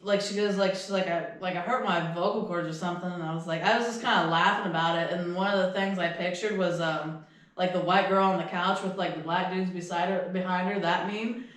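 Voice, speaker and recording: A woman's voice: lowish voice, fairly even intonation, a little fast. Chatty woman in an echoey room. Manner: rambling, profane, laughs at own stories. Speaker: podcast co-host. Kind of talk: casual storytelling chat.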